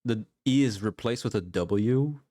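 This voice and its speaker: Male co-host, lower voice, unhurried delivery, mocking and laughing in casual stream chat. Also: mellow.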